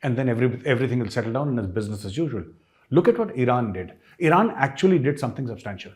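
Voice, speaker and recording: A man's voice: medium pitch, lively intonation, racing, a little mellow. A man with an Indian English accent giving an emphatic, sarcastic political commentary as a host, full of rhetorical questions. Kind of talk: opinion commentary.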